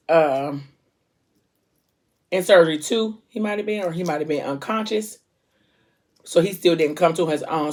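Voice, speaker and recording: Emotional woman recapping a novel. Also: lowish voice. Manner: emotional, animated storytelling with informal slang. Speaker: book vlogger. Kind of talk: casual book discussion, retelling a plot.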